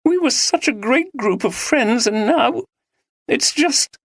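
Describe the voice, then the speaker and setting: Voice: animated, vocal fry, no echo, studio quality, heavily acted. A narrator voicing a sobbing young woman. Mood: tearful. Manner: high, trembling, rushed pleading. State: crying. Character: distraught young woman, tearful and frantic.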